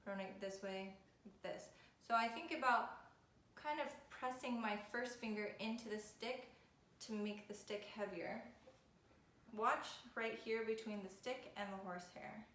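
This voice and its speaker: A woman's voice: medium pitch, normal speed, a bit bright. A woman violin teacher giving a patient, step-by-step video lesson. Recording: echoey room with faint noise.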